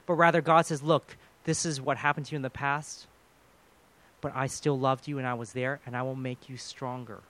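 An earnest man preaching a sermon, his voice a little higher than most men's. He drops into soft, hushed tones when he acts out quoted lines. The sound is dry and close, with no room echo.

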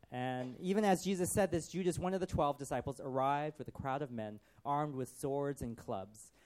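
A man preaching, reading scripture and retelling it in casual commentary with acted-out voices, swinging from loud to hushed. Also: a little high. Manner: acts out quotes in varied voices, conversational asides. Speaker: pastor.

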